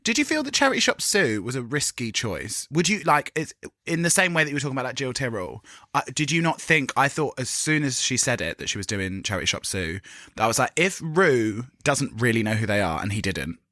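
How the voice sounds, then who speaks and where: A man co-hosting a chatty podcast, animated and quick to giggle, dropping swear words without a second thought. His voice is bright and swings widely in pitch. He sounds close to the mic in a dry, dead space. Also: no room sound. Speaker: podcast co-host. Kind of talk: casual chat.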